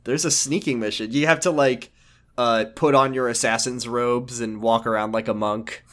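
A man's voice: mid-range voice, steady tone, normal speed, fairly bright tone. A man co-hosting a casual podcast about a video game, joking and laughing often and mimicking characters. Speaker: podcast co-host.

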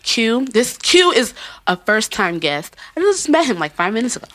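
A woman's voice: fairly high pitch, very animated, moderate pace, fairly bright tone. A woman hosting a casual podcast, talking loosely, swearing and laughing often. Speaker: podcast host.

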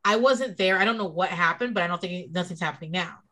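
Here the co-host's voice is fairly low and quick. She's swapping gossip in a casual chat about a reality show, swearing freely and voicing the people she quotes in an animated retelling.

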